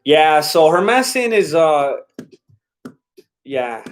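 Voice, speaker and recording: A man's voice: on the high side, moderate pace. A man hosting a live stream in casual chat, rambling and laid-back as he reacts to viewer comments. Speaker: livestream host.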